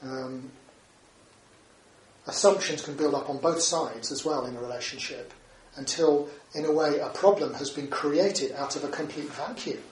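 A man's voice: fairly high pitch, a little hiss or hum. A man, a Buddhist teacher giving a talk, speaking conversationally and often closing points with questions like "isn't it?". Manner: conversational, with frequent tag questions. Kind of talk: dharma talk. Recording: roomy echo, distant mic, faint ambience.

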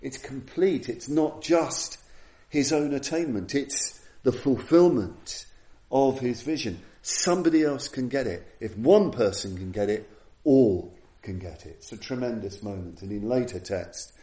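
A man's voice: medium pitch, lively intonation, unhurried, dark tone. A man giving a reflective Buddhist dharma talk as a teacher, retelling an old story in an earnest way and often restarting phrases. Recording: echoey room.

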